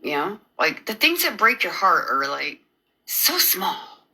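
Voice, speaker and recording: A woman's voice: lowish voice, very animated, measured pace, pushed and bright, slightly rough, low-quality recording. A woman delivering an emotional, rambling personal rant to camera. She is agitated and sarcastic, breaking off and restarting her sentences. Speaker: video creator.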